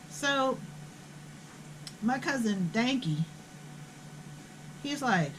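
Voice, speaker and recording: A woman's voice: fairly high pitch, expressive, moderate pace, a little hiss or hum, poor audio. An older woman, telling a family story in a blunt, profane, indignant way. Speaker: host. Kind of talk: casual storytelling.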